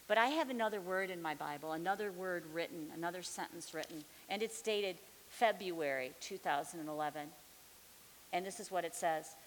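During a sermon, a middle-aged Bible teacher shares her testimony through mounting, fervent declarations, speaking a little fast in a lowish voice. The recording carries long reverb and a faint hiss.

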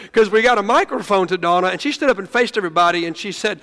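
Male pastor, high voice, animated storytelling sermon, long hall echo. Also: fairly quick. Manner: animated, laughing storyteller with stumbling restarts.

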